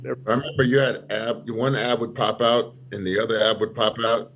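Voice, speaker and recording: A man's voice: medium pitch, steady tone, moderate pace, a bit bright. A man guest chiming in on a casual podcast in a slangy, loose way, often laughing.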